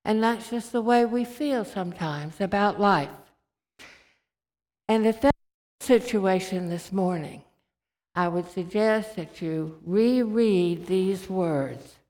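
Woman preacher, slow gentle storytelling, middle pitch, long hall echo. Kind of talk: sermon with anecdotes. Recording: reverberant hall.

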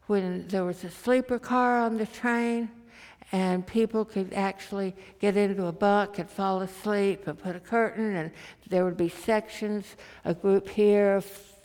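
A woman preacher giving a sermon, telling stories in a slow, deliberate way in a church. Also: medium pitch, a little mellow. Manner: slow, deliberate storytelling delivery. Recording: reverberant hall.

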